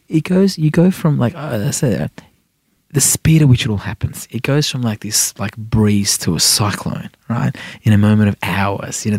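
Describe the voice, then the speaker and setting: A man's voice: fairly low pitch, slightly rough, dry recording, clean studio sound. A middle-aged man, chatting as a guest in a rambling, filler-heavy way and often tagging "right?". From Iran. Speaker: senator and podcast guest. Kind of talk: casual interview chat.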